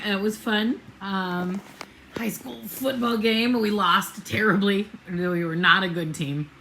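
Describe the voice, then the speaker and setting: A woman's voice: medium pitch, fairly bright tone, slight background noise, rough recording. A middle-aged woman vlogging casually about her road trip, digressive and self-deprecating, with many fillers and restarts. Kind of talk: casual rambling vlog.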